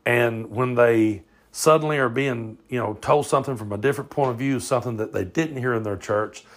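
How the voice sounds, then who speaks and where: A man's voice: mid-range voice, fairly quick. A man with a Southern US accent hosting an amateur podcast, talking loosely and swearing freely as he records on his phone. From southern United States. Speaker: podcast host. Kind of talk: casual podcast monologue.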